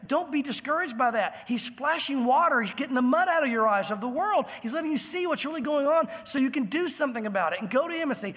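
Casting: male pastor, very high-pitched, husky, lively storytelling sermon in a church with a long reverb tail. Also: quick pace, few pauses. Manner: animated storytelling, acting out voices in the scene.

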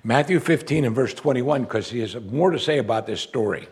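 A man preaching a sermon as pastor, swinging between loud exclamations and hushed asides. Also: medium pitch, animated, fairly quick, husky.

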